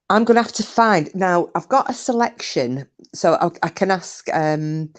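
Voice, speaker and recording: Woman host, lower voice, chatty, laughing, salty-tongued. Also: animated, unhurried. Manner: chatty, laughs often, swears casually. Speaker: live stream host. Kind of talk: casual chat reading viewer comments. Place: home, windy day.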